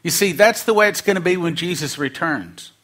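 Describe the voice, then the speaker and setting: A man's voice: high voice, a little fast, fairly bright tone. A man preaching a sermon, acting out quoted voices and dropping humorous asides.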